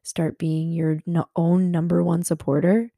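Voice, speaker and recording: A woman's voice: fairly low pitch, little pitch movement, unhurried, creaky, warm tone, no echo, clean studio sound. A young adult woman hosting a podcast from her bed, a little hungover, talking earnestly about self-kindness with many fillers. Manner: earnest, rambling, lots of fillers. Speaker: podcast host. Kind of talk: casual self-help talk.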